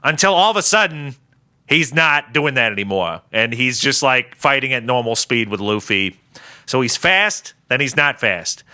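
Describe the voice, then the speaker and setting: A man's voice: medium pitch, normal speed. A man co-hosting a podcast, chatting casually and animatedly, mocking scenes by acting them out. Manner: animated, acts out characters mockingly. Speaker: podcast co-host. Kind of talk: casual chat.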